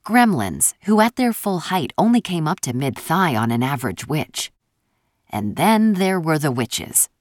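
A woman reads a first-person fantasy story with a wry, expressive delivery. Her voice sits low but moves a lot in pitch, and the recording is close and dry. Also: a little slow, dry recording. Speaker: audiobook narrator. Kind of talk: scripted audiobook narration.

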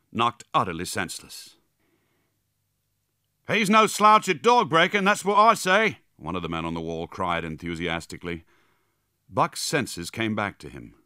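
Male audiobook narrator, low-pitched, dramatic and animated, bright tone. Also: no room sound, studio quality. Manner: dramatic, vivid storytelling. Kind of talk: scripted narration.

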